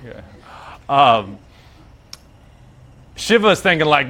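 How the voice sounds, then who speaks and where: Animated, slangy male yoga teacher. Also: on the high side, takes it slowly, pauses often. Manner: slangy, animated, acts out characters. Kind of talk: casual storytelling lesson.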